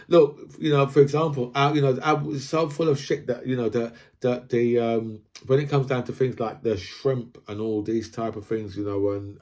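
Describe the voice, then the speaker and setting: A man's voice: medium pitch, a little mellow. A man from Britain, ranting casually about politics, rambling, repeating himself and asking "right?" again and again. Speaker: political commentator.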